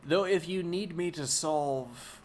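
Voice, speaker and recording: A man reading a classic novel aloud as a bedtime story on a live stream, pausing now and then for unhurried, musing asides to his viewers. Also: fairly high pitch, a little hiss or hum.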